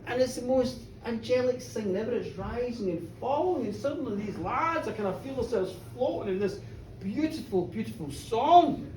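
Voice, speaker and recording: A woman telling a folk tale live, animated, chatty and playful. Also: fairly high pitch, moderate pace. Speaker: storyteller. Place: pub storytelling show, indoors. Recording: roomy bar, distant mic, faint noise.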